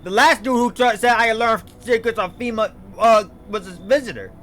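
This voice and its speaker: A young man giving excitable let's play commentary, swinging between yelling and mumbling. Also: very high voice, normal speed. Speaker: gaming YouTuber.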